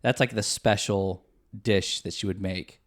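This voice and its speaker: A man's voice: low-pitched, steady tone, a little slow. A young man from the Midwest US, co-hosting a podcast in easygoing casual chat with many fillers. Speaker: podcast co-host.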